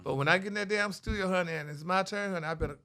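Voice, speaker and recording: A middle-aged man, a radio personality, chatting in a sassy, animated way and calling everyone honey. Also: high-pitched, rapid-fire. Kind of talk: casual interview chat.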